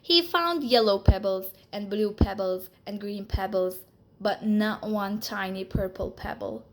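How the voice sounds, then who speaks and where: A woman reads a children's picture book aloud, slow and expressive like a storyteller. Her voice sits in the mid range.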